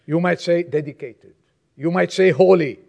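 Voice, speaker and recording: Preaching a sermon to his flock, this gravelly-voiced pastor keeps a moderate pace. His delivery is emphatic, shifting from loud exhortations to hushed, low asides.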